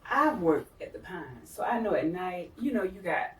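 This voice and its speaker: A middle-aged woman telling a personal story as an interview guest, animated, acting out the voices she quotes. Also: moderate pace. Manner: animated, acts out quoted voices with big pitch jumps. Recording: roomy, from far off the mic, faint noise.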